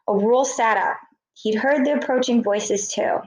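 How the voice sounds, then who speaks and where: A woman's voice: fairly high pitch, measured pace, a little mellow, roomy sound, rough recording. A woman teacher reading a book chapter aloud to students, correcting her slips and stopping to explain words.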